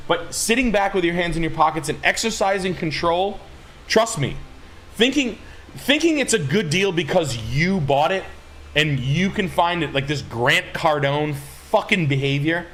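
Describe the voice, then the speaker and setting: A man rants on a livestream, swearing freely and hammering his points home with emphasis. His voice sits a little high and swings widely in pitch. A faint noise hums in the background. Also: lively intonation, normal speed. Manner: loud, swearing, emphatic, rambling. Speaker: streamer host. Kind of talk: profane livestream rant.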